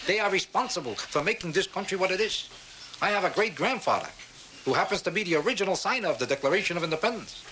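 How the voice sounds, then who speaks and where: A man doing a stand-up routine, with deadpan, mock-serious bragging to a laughing audience. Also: sits high, fast talker, noisy background. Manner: deadpan boastful delivery with mock-serious asides. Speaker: stand-up comedian.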